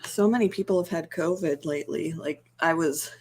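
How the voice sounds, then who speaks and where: A young woman with a slightly low voice chats in an easy, rambling way. She is soft-spoken and laughs often as she goes. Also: moderate pace, slightly rough. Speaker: ASMR channel host. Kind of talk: casual chat on a livestream.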